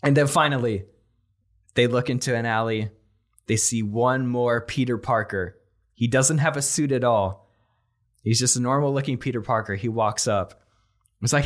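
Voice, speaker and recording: A young man telling a comedic movie pitch on a podcast, laughing often and acting out the characters' lines. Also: moderate pace, long pauses. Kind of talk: casual comedic storytelling.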